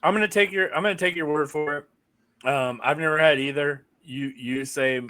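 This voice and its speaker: A man's voice: fairly high pitch, steady tone, normal speed, pushed and bright, no echo. A man co-hosting a podcast in casual chat, joking and teasing his co-host.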